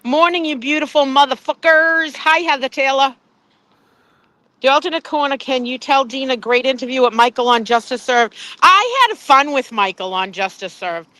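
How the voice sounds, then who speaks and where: A woman's voice: high-pitched, moderate pace, sharp tone, no room sound. A woman live streaming by phone outside a courthouse, chatty, greeting viewers by name and swearing casually. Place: outdoors at a courthouse.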